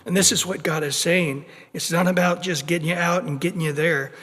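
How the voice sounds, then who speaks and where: A man preaching an expository sermon as pastor, conversational and animated, acting out small everyday scenes and restarting his words as he goes. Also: fairly high pitch, fairly quick. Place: church sanctuary. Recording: long reverb of a church hall.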